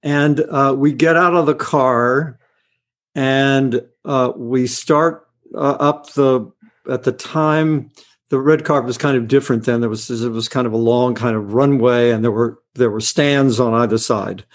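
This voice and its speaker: An older man as an interview guest, telling relaxed, self-mocking anecdotes, hesitating with many uhs and restarts. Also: medium pitch, unhurried. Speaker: guest actor.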